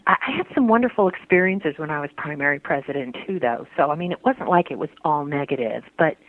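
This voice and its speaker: A woman interviewee talking earnestly about her faith, halting and restarting often. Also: deep voice, lively intonation, dry recording. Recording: tinny phone-line sound, dry.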